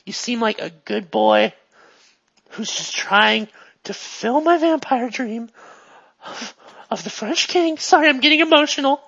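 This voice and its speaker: A game master voicing an excitable, pushy female TV star who gushes and swings between loud and hushed. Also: medium pitch, unhurried, gravelly, highs cut off. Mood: gushing. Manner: gushing, jumps from excited to hushed.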